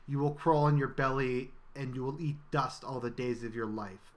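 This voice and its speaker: A man voicing a pompous, wrathful male bureaucrat god who booms grandiose proclamations. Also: steady tone, moderate pace, close to an everyday voice.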